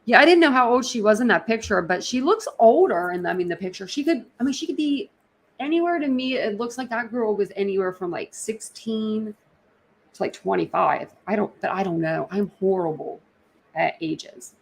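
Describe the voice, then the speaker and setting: A woman hosting a casual livestream, talking in a rambling way with lots of fillers and quick laughs. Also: medium pitch, lively intonation, creaky. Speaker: livestream host.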